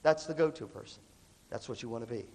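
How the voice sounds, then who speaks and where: A man giving an animated motivational leadership talk to music students, emphatic and punchy, with a cough that breaks in now and then. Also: mid-range voice, fast. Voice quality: lively, emphatic delivery with repeated punchy phrases. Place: large hall with an audience. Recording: long reverb of a large hall.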